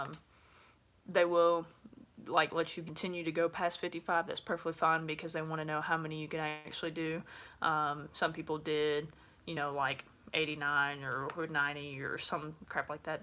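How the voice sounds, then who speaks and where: A young woman chats to camera in a loose, frank way, with plenty of ums along the way. Her voice sits low in pitch, yet it sounds bright and punchy. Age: 20s. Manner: chatty, frank, many fillers. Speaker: vlogger. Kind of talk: casual talk to camera.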